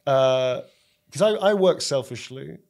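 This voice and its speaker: Man, London accent, middle-aged, animated storyteller, casual swearing, laughs a lot. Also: medium pitch, measured pace, creaky. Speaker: actor and director. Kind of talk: casual podcast chat.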